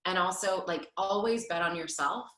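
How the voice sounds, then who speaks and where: A woman in her thirties, a stage performer, answering interview questions in an animated, chatty way with lots of fillers. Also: on the low side, moderate pace, echoey room, rough recording. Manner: animated, laughs often, many fillers. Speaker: Broadway performer, guest.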